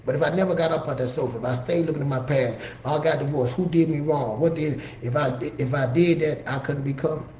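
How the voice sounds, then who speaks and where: A man's voice: on the high side, brisk, hardly any pauses, a little mellow, a little hiss or hum. A man speaking earnestly and conversationally, telling motivational stories from his own life and often checking in with the listener. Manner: earnest, conversational, frequent "you know what I'm saying". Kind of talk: motivational storytelling. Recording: roomy, slightly dull recording with faint ambience.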